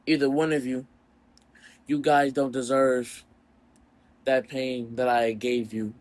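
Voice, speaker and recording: A man's voice: medium pitch, flat delivery, slow pace, lightly acted. A man quoting a remorseful cartoon jester. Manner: apologetic, pleading. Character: remorseful male cartoon jester, tearful and bitter.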